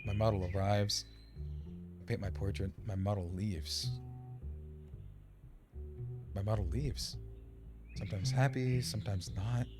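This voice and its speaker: A man voicing a tired young woman painter who loses time, reading her lines quietly and softly. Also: lowish voice, fairly even intonation, unhurried, long pauses, over music, pitched below the performer's own voice, lightly acted. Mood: weary.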